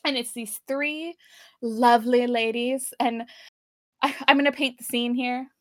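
Young woman, podcast co-host, high voice, dry close sound, animated and giggly. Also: dry recording. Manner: animated, laughs often, quick asides. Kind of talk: casual chat recapping an episode.

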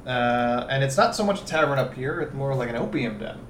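A man's voice: mid-range voice, expressive, roomy sound, recorded from a distance, a little hiss or hum. Man running a tabletop game from afar. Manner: halting, with many fillers. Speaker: game master.

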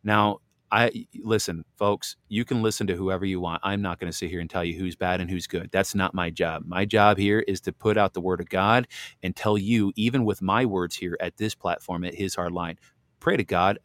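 A man's voice: sits low, moderate pace, fairly bright tone, dry recording. A man hosting a podcast, talking in a heated, preachy way and addressing listeners directly, into a close desk microphone. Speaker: podcast host. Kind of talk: heated religious podcast talk.

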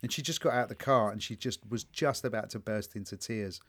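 A man's voice: fairly low pitch, brisk. A man co-hosting a podcast, chatting casually and telling stories with lots of swearing. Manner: swearing, storytelling, animated quoting. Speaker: podcast co-host. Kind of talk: casual chat.

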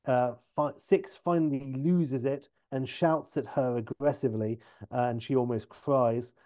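Man casually pitching a TV episode. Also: steady tone, a little slow, mellow. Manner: loose, filler-heavy retelling. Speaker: podcast host pitching a TV episode.

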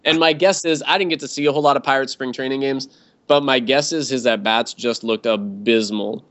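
A man's voice: mid-range voice, a little fast, fairly bright tone. A man co-hosting a casual sports podcast, talking with dry sarcasm and frequent laughs. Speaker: podcast co-host. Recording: dull lo-fi sound.

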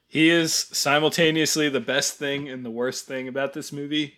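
A man's voice: a little high, fairly even intonation, normal speed, sharp tone. A man co-hosting a podcast, giving wry, rambling movie critique and laughing often. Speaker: podcast co-host. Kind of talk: casual chat.

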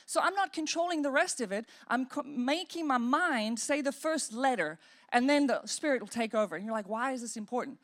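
Woman pastor with a high voice, animated preacher who acts out inner dialogue. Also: a little fast. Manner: demonstrates praying in tongues. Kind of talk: sermon.

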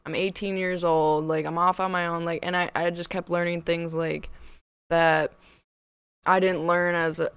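A woman in her twenties telling a personal story in casual chat. She rambles, puts "like" into nearly every phrase, swears freely and gets louder and more animated as she goes. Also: on the low side, normal speed, clean tone, dry recording.

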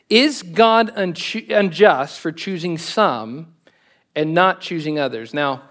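Joking, lively Texan pastor. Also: male voice, a little high. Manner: conversational, joking, laughs often, animated emphasis. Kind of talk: sermon.

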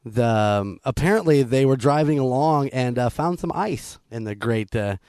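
A man's voice: medium pitch, animated, normal speed, a little mellow, clean tone, dry recording. A man hosting a radio show, chatting casually and rambling with fillers. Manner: rambling, many fillers, laughs. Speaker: radio host.

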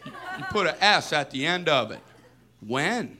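A man doing a stand-up comic acting out a dim schoolboy, goofy and drawn out. The voice sits high and swings wildly up and down. A crowd and steady noise run behind it. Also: normal speed.

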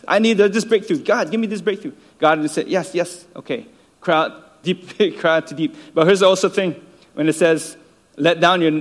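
A man preaching an informal sermon, earnest and halting, with many repeated words and fillers and chuckles between phrases. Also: fairly high pitch.

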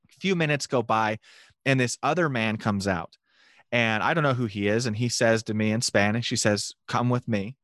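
A man telling a lively mission story in a casual, animated way, laughing now and then. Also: lowish voice, normal speed, no echo, studio quality.

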